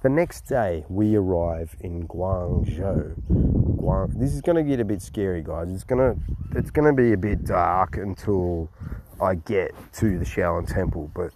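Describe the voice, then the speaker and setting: A man's voice: deep voice, measured pace. A man with an Australian accent telling a travel story in a rambling way, swearing often and restarting sentences. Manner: rambling and profane, with many restarts. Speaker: travel vlogger. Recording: noisy recording with clicks. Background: steady background noise.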